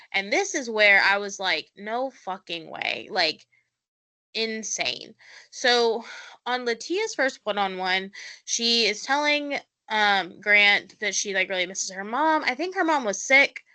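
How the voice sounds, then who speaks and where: A podcast co-host with a medium-pitched, sharp-toned voice recaps a show in easygoing chat. She leans heavily on fillers like "like" and acts out quotes as she goes.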